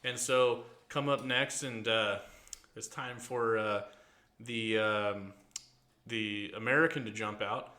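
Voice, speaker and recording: Podcast host, male, bright forceful voice, loose rambling storyteller who laughs easily. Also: on the low side, fairly even intonation, takes it slowly. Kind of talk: casual chat.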